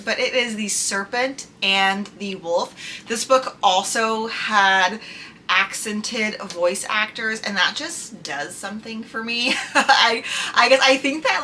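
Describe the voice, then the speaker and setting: A woman's voice: mid-range voice, pushed and bright, a little hiss or hum. A young woman chatting casually about books she loved, gushing and chatty with lots of "like" fillers. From United States. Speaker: book reviewer. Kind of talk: casual chat.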